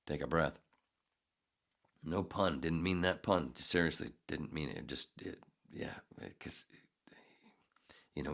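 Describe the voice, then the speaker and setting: A man's voice: a bass voice, a bit bright. An older man hosting a podcast, telling a meandering story full of swearing and often losing his place. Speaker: podcast host. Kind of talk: rambling storytelling monologue.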